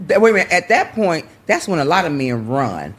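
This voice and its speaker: A man's voice: a little high, very animated, a little fast, fairly bright tone, slightly rough. A male interviewer in a studio who keeps affirming the speaker and chimes in often.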